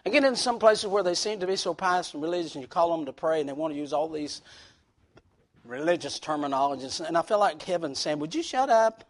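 A man preaching a sermon in a folksy, plain-spoken way, swinging from hushed, intimate lows to loud shouted peaks. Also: fast.

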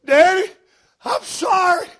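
A man's voice: very high voice, animated, takes it slowly, a bit bright, voice pushed up, heavily acted. A male preacher voicing his young daughter, pleading and sorry as she begs for mercy. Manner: pleading, crying out.

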